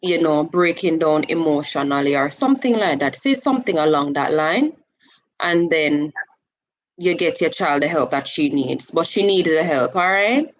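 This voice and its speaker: A woman hosts a casual live stream, talking to a caller in an animated, coaxing way. She slips easily into patois phrasing between plain advice. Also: sits low, normal speed, rough recording.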